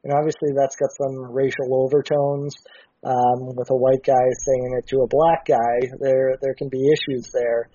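A man hosting a podcast in casual chat, recounting a story in a relaxed way with many fillers. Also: medium pitch, moderate pace, no echo. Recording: dry dull lo-fi sound.

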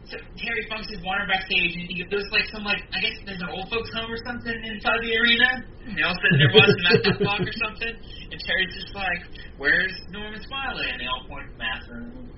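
A man with a high voice recaps events in a casual podcast, full of fillers and restarts. He sits far from the mic, and the sound is dull and lo-fi with faint hiss. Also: fast talker, a crowd in the background. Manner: rambling, hesitant, many fillers. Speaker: podcast co-host. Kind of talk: casual chat. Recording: distant muffled mic with faint noise.

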